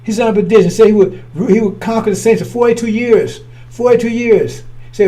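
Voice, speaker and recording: A man's voice: sits high, fairly quick, few pauses, warm tone. A man preaching in a blunt, scornful way, often repeating and restarting his words. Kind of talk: fiery preaching.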